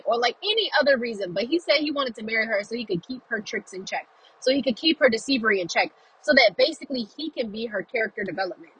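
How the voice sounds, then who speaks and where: A woman vlogging a casual, chatty film review from her car while driving, animated and full of quoted reactions. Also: fairly high pitch, a little fast, husky, low-quality recording.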